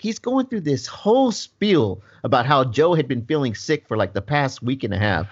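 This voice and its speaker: A man's voice: medium pitch, moderate pace, hardly any pauses, husky, highs cut off. A man who works as a paramedic, casually telling a work story on a podcast and laughing often as he acts out the people in it. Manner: animated, laughs often, acts out voices in his stories.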